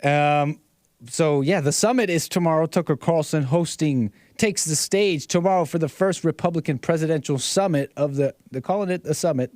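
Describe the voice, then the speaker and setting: A man's voice: a little high, moderate pace, darkish tone, dry recording, clean studio sound. Chuckling, rambling livestream host, a man. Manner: rambling, repeats phrases, chuckles often. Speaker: host of a call-in livestream show. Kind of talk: casual talk-show commentary.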